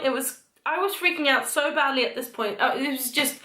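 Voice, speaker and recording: A young woman vlogger rambling excitedly through a book recap, full of "like" and fillers. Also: high voice, brisk, few pauses. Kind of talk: casual book talk. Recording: echoey room.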